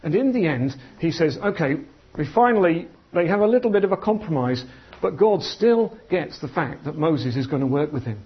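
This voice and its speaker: A man preaching a sermon in an animated, conversational storytelling manner. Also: a little high, a little fast, husky. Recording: dull lo-fi sound.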